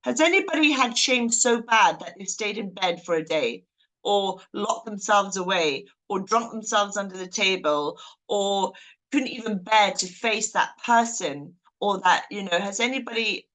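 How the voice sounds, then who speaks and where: A woman's voice: medium pitch, moderate pace, a bit bright, low-quality recording. A woman leads a book group over a video call. She talks casually, laughs easily and keeps putting questions to the group.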